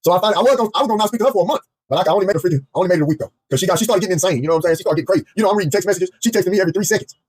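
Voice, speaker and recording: A man telling a comedic personal story in an animated, profane way, repeating himself often. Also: sits high, very fast, hardly any pauses, slightly rough. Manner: animated, profane, heavily repetitive.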